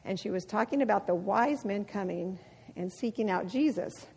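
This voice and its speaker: A woman's voice: medium pitch, moderate pace, gravelly, husky. A middle-aged woman giving a devotional talk full of personal stories, laughing often as she tells them. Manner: laughs often, animated storytelling. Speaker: women's ministry speaker. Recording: long hall reverb.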